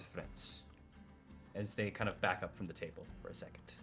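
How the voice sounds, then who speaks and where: Game master narrating casually. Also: male voice, sits low, steady tone, moderate pace, pushed and bright, faint music behind. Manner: loose, hedging narration full of "kind of".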